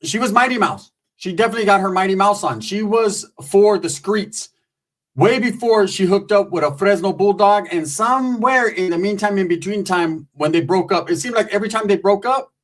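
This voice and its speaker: Speaking at a normal speed, a man spins a funny story full of slang and swearing in a laid-back way. When quoting people, he switches to squeaky voices.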